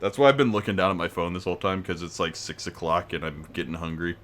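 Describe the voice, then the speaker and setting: A man's voice: low-pitched, steady tone, fast, fairly bright tone, a little hiss or hum. A man hosting a casual gaming stream, rambling with restarts and tangents as he thinks aloud.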